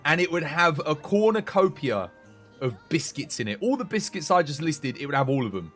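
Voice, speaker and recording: Chatty British man streaming. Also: fairly high pitch. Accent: British English. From United Kingdom. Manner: chatty, rambling, reads out and answers chat. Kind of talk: casual live-stream chat with viewers.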